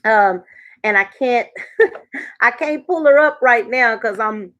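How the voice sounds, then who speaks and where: Chatty woman host, higher voice. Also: slow pace, a bit bright. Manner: chatty, laughs often, talks to viewers. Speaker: YouTube live host. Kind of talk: casual live-stream chat.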